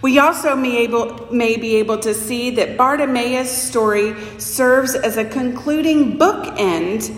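A woman preacher giving a sermon, telling the story slowly and expressively and voicing the people in it. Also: fairly high pitch. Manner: slow, expressive storytelling with voiced quotes. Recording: echoey church hall with long reverb.

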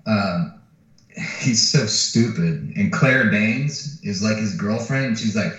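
A man's voice: on the low side, takes it slowly. A man co-hosting a podcast, casually retelling a film plot with lots of swearing and acted-out lines. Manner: animated retelling of a film plot, swearing freely, acting out quotes. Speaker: podcast co-host. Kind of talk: casual chat. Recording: far from the mic in a very echoey room, dull sound.

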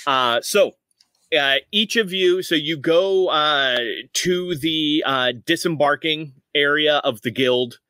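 A man's voice: on the high side, takes it slowly, pushed and bright, clear, resonant tone, dry recording. A man narrating as game master of a tabletop game, rambling with many fillers.

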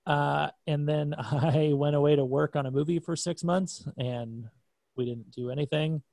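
Gravelly-voiced man, dry and self-deprecating. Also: fairly high pitch, steady tone, measured pace, darkish tone, no echo. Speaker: musician guest. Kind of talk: casual conversation.

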